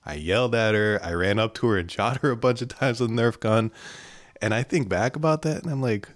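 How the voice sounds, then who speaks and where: A man's voice: medium pitch, a little fast. A young man co-hosting a podcast, telling stories in casual chat and laughing often, with crude humor. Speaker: podcast co-host.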